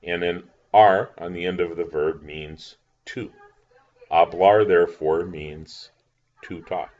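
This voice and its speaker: A man's voice: low voice, steady tone, slow, darkish tone, muffled recording. A man teaching a recorded lesson, patient, spelling words out letter by letter. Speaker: language teacher.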